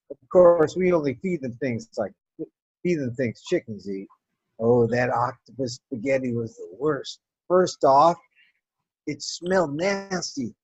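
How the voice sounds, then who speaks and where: A woman telling a personal story in an animated, wry and profane way. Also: deep voice, breathy edge, no echo, muffled recording.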